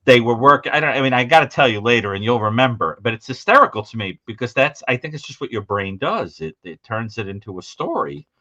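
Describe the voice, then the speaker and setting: Bright-voiced man on dull lo-fi audio. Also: mid-range voice, animated, a little fast, hardly any pauses. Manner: fond, amused, searching for words. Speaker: podcast guest. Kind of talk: casual reminiscing chat.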